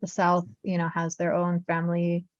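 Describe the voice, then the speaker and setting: A woman's voice: on the low side, completely flat delivery, normal speed, dry recording. Friendly female tutor, casual and chatty, muffled dry call audio. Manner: chatty, upbeat, many fillers. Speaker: Malayalam teacher. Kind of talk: casual online lesson talk.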